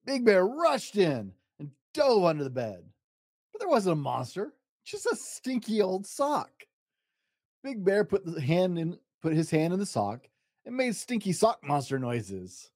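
A man reading a bedtime picture book aloud, his pitch swooping up and down with drawn-out dramatic pauses. He is miked close and the sound is dry. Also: huge pitch swings, a little mellow, no room sound. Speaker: storytime podcast host and reader. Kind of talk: bedtime story read-aloud.

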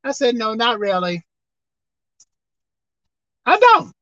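Woman preacher, sermon, high voice, emphatic outbursts and quiet asides, dull lo-fi dry recording. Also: sing-song, takes it slowly, dry recording.

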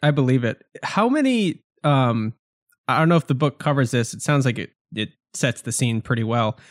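Lively, playful man on a podcast. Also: medium pitch, moderate pace, no echo, clean studio sound. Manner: playful, goofy questions. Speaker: podcast co-host. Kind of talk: casual podcast chat.

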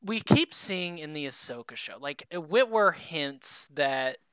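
A man's voice: a little high, animated, takes it slowly, a bit bright, smooth, no room sound. A man co-hosting a casual podcast chat. He rambles a little, swears casually and makes fun of himself. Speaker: podcast co-host.

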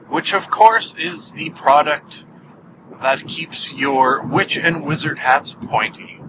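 A man's voice: fairly high pitch, takes it slowly. A man hosting a podcast alone, talking casually and joking wryly at his own expense while driving. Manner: wry, joking, self-mocking. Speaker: podcast host. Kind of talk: casual solo podcast monologue. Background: car engine and road hum.

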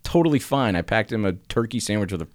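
A low-pitched man in middle age, co-hosting a relaxed church podcast. His delivery is lively and wide-ranging as he tells stories and laughs often. The sound is dry and close. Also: fast, no room sound. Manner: animated storyteller, laughing often, voice jumping high when acting out quotes. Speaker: podcast co-host. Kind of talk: casual church podcast chat.

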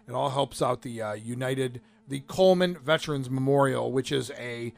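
A man co-hosting a radio talk show, rambling casually and trailing off softly at the ends of phrases. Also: medium pitch, normal speed, gravelly. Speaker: radio co-host. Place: radio studio.

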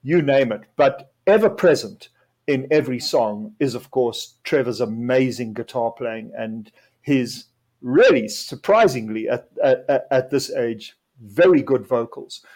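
A man's voice: mid-range voice, lively intonation, a little mellow. A man co-hosting a podcast, casually reviewing an album with enthusiasm and a few fillers. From South Africa. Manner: enthusiastic, measured delivery with fillers. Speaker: podcast co-host.

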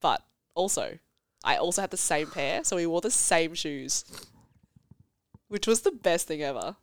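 Speaking a little slowly in a low, expressive voice, a woman in her thirties chats casually as a podcast guest. Her storytelling is full of laughter and feeling.

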